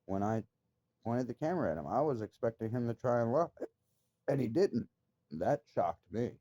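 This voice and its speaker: A vlogger speaks straight to his viewers in a casual monologue, telling an upsetting story agitatedly and emphatically with frequent swearing. His mid-range voice is sing-song and mellow at normal speed, with no room sound.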